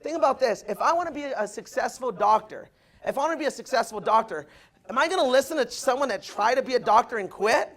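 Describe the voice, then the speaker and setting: A young man from Southern California speaks to a meeting room in a very high voice. He is fired up, tells stories at speed and keeps asking the crowd if they follow. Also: fast talker. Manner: excited, storytelling, keeps asking the room "right, guys?". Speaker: motivational speaker at a recruiting meeting. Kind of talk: motivational talk to a live room.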